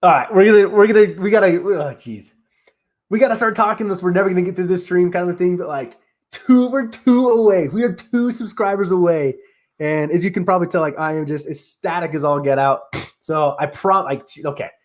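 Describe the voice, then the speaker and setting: Excitable rambling man hosting a live stream. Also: high voice, fairly quick. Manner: excitable, rambling, heavy use of "like". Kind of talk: casual live-stream chat. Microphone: streaming setup on camera.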